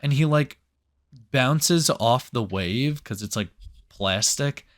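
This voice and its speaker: A man chatting casually about movies, swinging into playful voices as he retells scenes. His pitch sits at an ordinary male middle. He is lively and unscripted. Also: slow pace. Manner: animated storyteller, acts out quotes with voices. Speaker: podcast co-host, movie reviewer. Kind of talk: casual chat.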